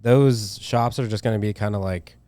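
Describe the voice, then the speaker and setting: A man's voice: fairly low pitch, normal speed, mellow, no echo. A young man, a tattoo artist, chatting loosely on a podcast with lots of slang, swearing and filler words. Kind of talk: casual podcast chat.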